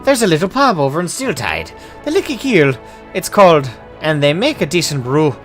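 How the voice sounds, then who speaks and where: A man's voice: fairly high pitch, sing-song, normal speed, a bit bright, soft background music. A man voicing a jovial, hard-drinking male dwarf adventurer in a put-on Irish accent, hearty and boastful. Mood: boisterous. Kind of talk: voicing game dialogue aloud.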